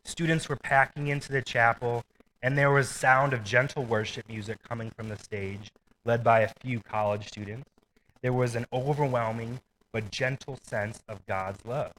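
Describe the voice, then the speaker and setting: A man's voice: medium pitch, fairly even intonation, moderate pace, fairly bright tone, a little hiss or hum, low-quality recording. A man preaching a sermon in a casual, conversational way, with asides and light laughter. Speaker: pastor.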